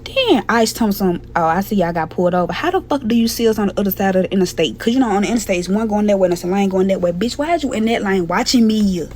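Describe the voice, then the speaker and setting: A woman's voice: medium pitch, expressive, rapid-fire, few pauses, a little mellow. A young adult woman telling a personal story in a blunt, profane, candid way. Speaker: storytime vlogger. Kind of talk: casual storytelling.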